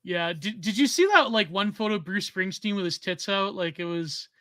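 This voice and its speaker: A man rambles happily through tangents as a podcast guest, his voice high and bright. The sound is close and dry, with no room in it. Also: no room sound. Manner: rambling, quick tangents, laughs often. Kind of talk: casual chat.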